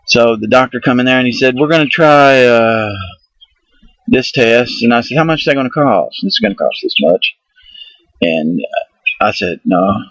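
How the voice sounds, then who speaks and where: Middle-aged guy, casual storyteller, excitable and profane, mid-pitched voice, dry close recording. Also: dry recording, rough recording. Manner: rambling, excitable, swears often, laughs at himself.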